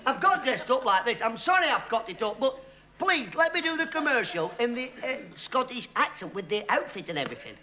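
A man's voice: extremely high pitch, sing-song, fairly quick, sharp tone. A man, one half of a comedy double act, playing the bumbling, confused stooge in a scripted sketch. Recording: noisy TV studio with audience laughter.

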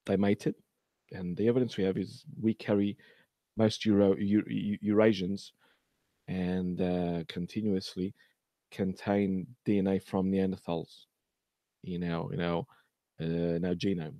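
A man talks through a casual science commentary at an unhurried, halting pace, full of fillers and restarts. His voice sits low and mellow. The sound is dry and close, with no room around it. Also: flat delivery, no echo. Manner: sarcastic about news articles. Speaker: host.

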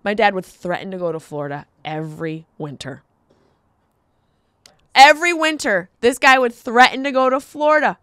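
Female comic host, animated storyteller, mid pitch, dry close sound. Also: normal speed, clear, resonant tone, no echo. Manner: animated storytelling, jokey asides. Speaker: podcast host and comedian. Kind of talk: comedic monologue.

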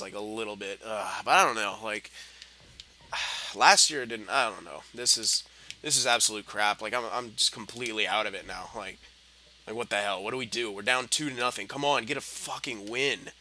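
A young man giving gameplay commentary, frustrated and swearing, muttering low and then yelling at the game. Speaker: gaming commentator.

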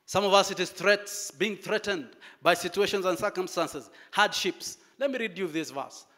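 A man preaching a sermon, telling a story with dramatic pauses and lively emphasis. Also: sits high.

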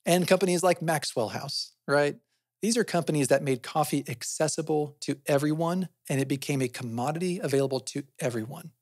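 A podcast host with a slightly high, slightly mellow voice explains things a bit quickly and conversationally, often posing questions to himself and then answering them. He frequently tags sentences with "right?", and the recording is dry and studio-quality.

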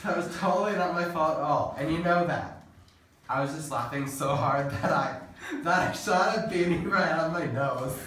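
A man playing a sassy, churchgoing teenage girl with a drawling valley-girl manner and deadpan asides. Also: a little high, moderate pace, close to an everyday voice. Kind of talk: comedy skit acting. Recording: echoey room, far from mic, faint noise.

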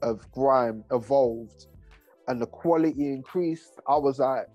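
A man's voice: mid-range voice, slow, darkish tone, soft background music. A man, a rapper and producer talking casually in an interview, laid-back and full of slang. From England. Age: 30s. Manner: laid-back, heavy slang, rambling asides.

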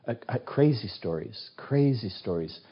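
Guest spot: husky low-voiced man in his 60s, lively raconteur who acts out dialogue; dull, muffled recording. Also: normal speed. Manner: animated storyteller who acts out quoted voices. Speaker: guest author. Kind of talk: casual interview storytelling.

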